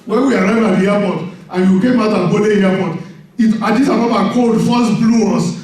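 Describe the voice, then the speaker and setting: This pastor has a high-pitched voice and preaches his sermon briskly and with lively energy, laughing a lot and calling for the congregation to respond. He's far from the mic, and his words ring out across a very echoey church hall.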